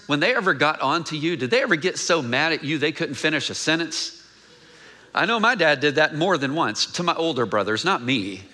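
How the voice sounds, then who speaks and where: A male pastor preaching a sermon in a conversational way, asking the congregation questions and reading scripture aloud in a quieter, lower voice.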